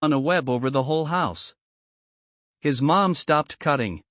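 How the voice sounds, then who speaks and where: A man's voice: on the high side, unhurried, a bit bright, no echo. A man reading a story manuscript aloud in a plain, straight storytelling manner. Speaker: reader of the manuscript.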